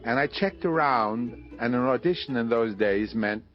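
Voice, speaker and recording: An older man in an archival interview, telling lively anecdotes and acting out the people he quotes. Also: mid-range voice, moderate pace, muffled recording, faint music behind. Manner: lively raconteur, acts out quoted voices. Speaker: interviewee recalling his radio career.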